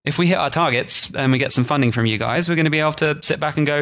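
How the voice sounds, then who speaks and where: A man's voice: fairly high pitch, rapid-fire, few pauses, a bit bright. A man co-hosting a podcast in casual chat, jokey and rambling, sometimes putting on silly voices. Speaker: podcast co-host.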